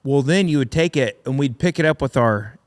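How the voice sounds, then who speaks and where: Speaking briskly in an expressive mid-range voice, a middle-aged man who is both a welder and a military veteran spins profane, wandering war stories as a podcast guest. He laughs frequently throughout this casual storytelling.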